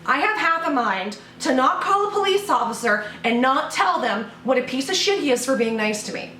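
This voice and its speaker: A woman's voice: sits high, expressive, normal speed, sharp tone, roomy sound, far from the mic. A woman YouTuber doing a sarcastic, mock-outraged vlog rant, full of swearing, recorded at home. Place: home room.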